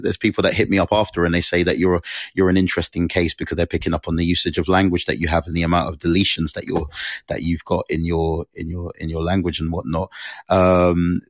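Deep-voiced man, rambling talk. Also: no echo. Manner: rambling, conversational, many fillers, quick impressions. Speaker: host of a live audio room, NLP practitioner. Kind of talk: casual talk to a live audio room.

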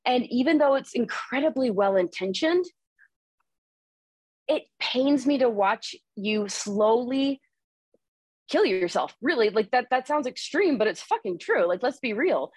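A woman in her thirties hosting a podcast in a casual, energetic monologue, candid and swearing freely, a little out of breath. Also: a little high, a little slow, slightly rough, dry recording. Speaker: podcast host and coach.

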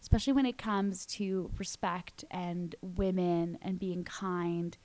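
A woman's voice: lowish voice, fairly even intonation. A woman hosting a casual interview chat, asking questions and affirming her guest often. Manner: warm affirming interviewer, quick yeahs. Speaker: podcast host.

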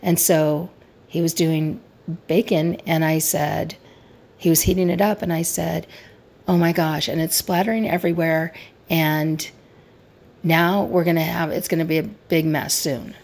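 A woman's voice: sits low, little pitch movement, unhurried, creaky, darkish tone. A middle-aged woman talking candidly and reflectively about her marriage as a coach sharing advice, often poking fun at herself. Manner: candid, reflective, self-deprecating. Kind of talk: personal advice talk.

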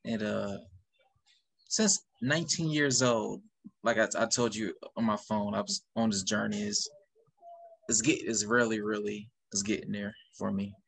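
A man's voice: fairly low pitch, steady tone, measured pace, vocal fry, fairly bright tone, slightly rough, poor audio. A man hosting a podcast, asking questions in a casual, enthused way with chuckling asides. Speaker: podcast host. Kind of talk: casual interview talk.

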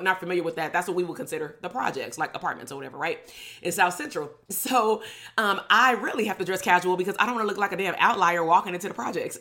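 A woman's voice: on the low side, fairly bright tone. A middle-aged woman from Compton, a clinical psychologist hosting her own show, telling a story from her life in a blunt, sarcastic way and swearing freely. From Compton, Los Angeles. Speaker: podcast host, clinical psychologist. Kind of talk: casual storytelling monologue.

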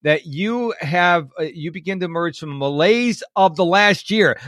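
A man in his fifties hosting a podcast interview, energetic and joking. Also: high-pitched, normal speed, hardly any pauses, dry recording, clean studio sound. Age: 50s. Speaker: podcast host.

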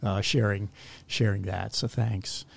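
A man with a low, gravelly voice hosts the interview. He strings several questions together in a loose, rambling way, with plenty of fillers along the way. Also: fairly even intonation, measured pace. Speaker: podcast host.

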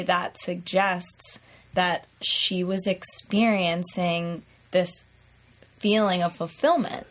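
A woman co-hosting a podcast who speaks slowly and deliberately. Her tone is reflective and thoughtful as she responds in conversation. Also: lowish voice. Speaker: podcast co-host. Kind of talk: casual chat.

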